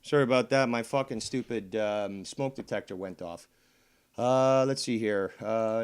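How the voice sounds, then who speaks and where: A man's voice: medium pitch, a little mellow. A man comments on clips during a casual livestream. He mocks his target with sarcasm and the odd curse. He often hesitates and restarts his sentences. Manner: mocking, hesitant with fillers and restarts, profane.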